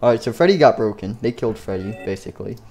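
A man casually narrating a game story in a rambling, halting way. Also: on the low side, animated, dark tone, slight background noise. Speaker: youtuber.

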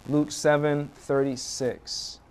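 A man's voice: a little high, flat delivery, takes it slowly, darkish tone, clean tone. A young American man preaching a sermon as a guest pastor, telling stories with animation and acting out the cries of children.

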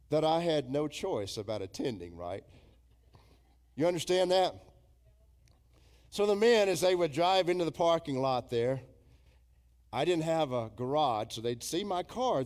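A middle-aged man, a pastor preaching a sermon in a church, emphatic and storytelling, mimicking imagined congregants. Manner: emphatic preaching with big swings in pitch and loudness, quoting imagined congregants. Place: church sanctuary.

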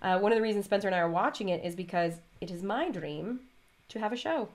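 A woman's voice: medium pitch, expressive, quick pace. A woman hosting her stitching vlog, chatting casually and rambling off on tangents while she stitches. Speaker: vlog host and cross-stitch designer.

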